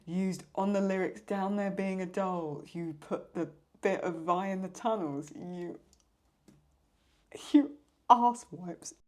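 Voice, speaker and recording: A young woman chatting excitedly and mocking herself while she reacts to videos as host of her channel. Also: mid-range voice, a little slow, hardly any pauses. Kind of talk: casual reaction commentary.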